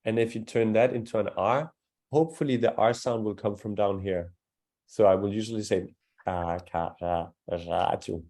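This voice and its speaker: This male language teacher's voice is warm and mellow, sitting on the low side and moving a little fast. Leading a live class, he patiently demonstrates sounds individually and offers praise for his students' efforts.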